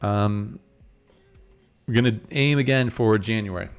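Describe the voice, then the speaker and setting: Faint music plays behind a man with a smooth, lowish voice who speaks without hurry. He's streaming poker in Las Vegas, relaxed and chatty, explaining his hands while keeping up with the chat.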